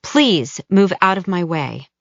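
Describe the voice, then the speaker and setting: A woman's voice: on the low side, sing-song, takes it slowly, dry recording, full character voice. A woman narrator voicing a determined woman surgeon who firmly insists on getting past a guard, in dull lo-fi audio.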